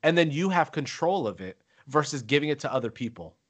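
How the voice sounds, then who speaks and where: A man tells stories on a casual podcast. He gets animated and acts out the lines of the people in his stories, bouncing between his own voice and theirs. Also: on the high side, a little fast. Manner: animated storyteller, acts out quotes. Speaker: podcast host. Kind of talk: casual chat.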